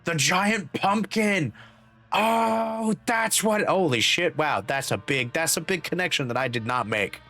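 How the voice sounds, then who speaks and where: A man's voice: fairly high pitch, measured pace, bright, forceful tone, soft background music. A young man streaming a game, rambling animatedly and laughing often between reading parts aloud. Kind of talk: game playthrough commentary.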